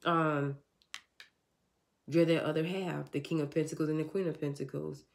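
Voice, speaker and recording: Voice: medium pitch, little pitch movement, moderate pace, vocal fry. A tarot reader giving a channeled love reading in a casual, earnest, repetitive way, often speaking for an unseen person. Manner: casual, informal.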